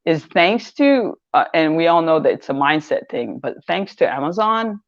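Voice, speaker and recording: A woman's voice: low-pitched, normal speed, no room sound, lo-fi sound. An older woman, a guest in an interview, telling her story in a loose, rambling way, repeating words as she goes. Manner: rambling, repeats words, animated when quoting others. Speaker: interview guest, online seller.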